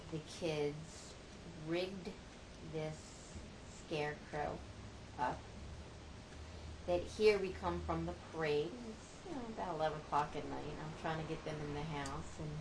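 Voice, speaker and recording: A middle-aged mother tells family anecdotes in a playful, self-mocking way, taking her time over each phrase. Her voice sits a little low. A steady noise runs under the amateur recording. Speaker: mother telling family stories. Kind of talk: casual storytelling monologue.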